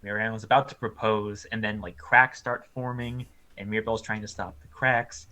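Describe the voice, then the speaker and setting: Pitched fairly low and moving at a moderate pace, he's one of the co-hosts of a casual movie review conversation. He's lively, fills his speech with "um" and "like," and keeps laughing as he walks through scenes.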